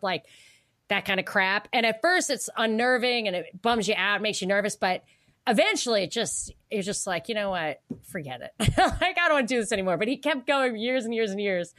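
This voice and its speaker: A woman co-hosting a podcast in casual political chat, animated, laughing often and acting out the people she quotes. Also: medium pitch. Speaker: podcast co-host.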